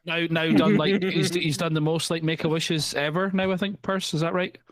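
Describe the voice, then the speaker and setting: A man's voice: on the high side, steady tone, moderate pace. A young man co-hosting a podcast, chatting enthusiastically with plenty of swearing and restarts. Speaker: podcast co-host. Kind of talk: casual chat.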